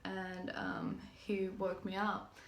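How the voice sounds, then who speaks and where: Speaking slowly and in a monotone, a young woman from New Zealand rambles through a personal story in her vlog, full of fillers and restarts. Her voice is mid-range, and the echoey room adds slight background noise.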